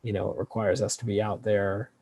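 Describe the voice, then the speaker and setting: Researcher guest, male, low mellow voice, talks loosely with lots of ums. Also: brisk, creaky, slightly rough. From California. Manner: relaxed, hesitant, many fillers and restarts. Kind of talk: casual interview answers.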